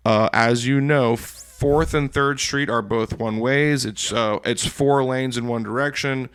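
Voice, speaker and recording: A man co-hosting a casual podcast chat, telling stories in an animated, profane way. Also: medium pitch, measured pace, clear, resonant tone, dry recording, studio quality. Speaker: podcast co-host.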